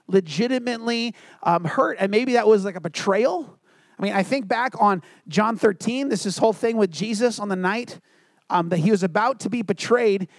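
A man preaching a sermon as a pastor, telling a personal story earnestly and dropping to quiet, low tones for emphasis. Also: no room sound.

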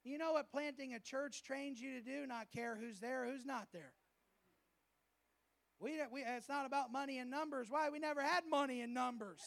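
A male pastor preaching a sermon at a church service, lively and humorous, often acting out the voices of people he quotes. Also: very high voice, moderate pace, gravelly.

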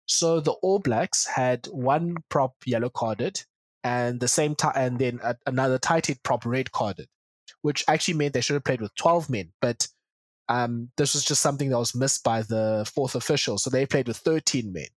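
A man with a medium-pitched voice hosts a rugby podcast casually, steering the conversation and listing match statistics. The recording has no echo.

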